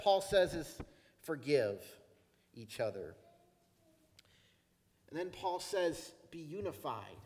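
A man with a high voice delivers a sermon in an easy, conversational manner. He slows down on the phrases he wants to land. The sound has a long reverb, as from a church hall. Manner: conversational preaching, slowing down to stress key phrases. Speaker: pastor. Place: church sanctuary.

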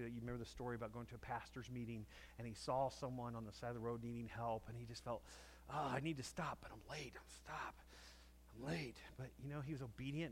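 A man's voice: medium pitch, slight background noise. A man preaching a conversational sermon to a congregation, telling stories and acting out quotes. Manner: conversational storytelling, acts out quotes. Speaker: pastor.

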